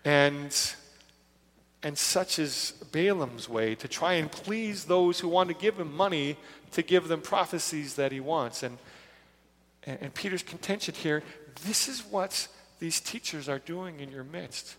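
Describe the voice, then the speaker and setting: Higher-voiced male preacher in a big echoing hall. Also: expressive, measured pace, fairly bright tone. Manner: retells scripture casually, acting out the characters. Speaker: pastor. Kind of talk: conversational sermon. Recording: long reverb of a large hall.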